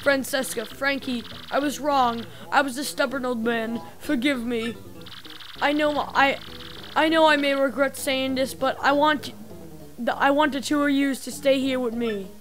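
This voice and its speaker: A sentimental old mob boss, as a woman puts him on for a game, talking in a gruff tough-guy drawl that drops its words. His voice sits fairly high for a man, with soft game music playing behind. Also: fairly even intonation, a little slow. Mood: tender.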